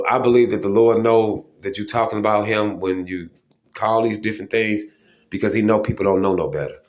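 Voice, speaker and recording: Man, low register, casual preaching monologue, emphatic, keeps checking in with listeners. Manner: informal and emphatic, with many fillers and "okay?" check-ins. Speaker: religious video host.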